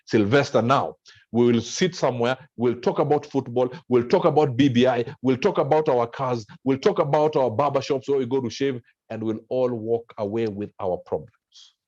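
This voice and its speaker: A man with a Kenyan accent giving an impassioned motivational speech, with wide swings in pitch and pace. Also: a little mellow, husky. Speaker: motivational speaker. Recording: dull lo-fi sound.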